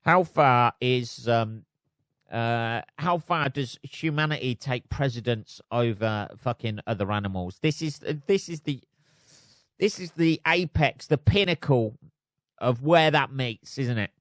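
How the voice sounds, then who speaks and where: A man's voice: medium pitch, a little slow, a bit bright, no room sound, clean studio sound. A man hosting a solo podcast, reading news aloud and riffing on it in a sweary, sardonic way. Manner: sweary, sardonic, laughs at his own jokes. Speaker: podcast host.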